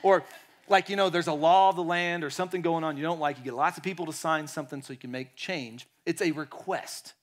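Animated preaching man. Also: fairly high pitch, fairly quick. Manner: animated preaching, drops to quiet tones, acts out quotes. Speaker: pastor. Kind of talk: sermon.

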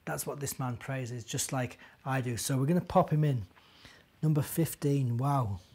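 A man, a minister, gently reading a storybook and talking to young children. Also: medium pitch, moderate pace, breathy edge.

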